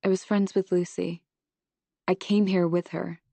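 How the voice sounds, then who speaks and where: Woman reading anxious young woman, urgent, earnest, lowish voice, dry studio sound. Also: little pitch movement, measured pace, gravelly, warm tone, no echo.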